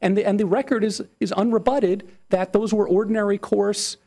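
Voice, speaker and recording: An attorney argues before appellate judges, earnest and insistent, often repeating words to press his point. His high-set voice is steady, brisk and warm in this courtroom oral argument.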